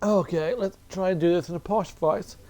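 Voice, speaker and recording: A woman's voice: fairly low pitch, moderate pace, mellow. A woman streaming a game, reading the on-screen text aloud and often breaking into helpless laughter until she is in tears. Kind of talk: let's play with read-aloud narration.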